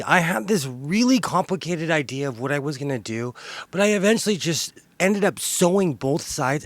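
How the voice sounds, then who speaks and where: Man, sewing vlogger, slightly high voice, unhurried, giggly, close dry sound. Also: dry recording. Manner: giggly, keeps breaking into laughter. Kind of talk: casual show-and-tell vlog. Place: home sewing room.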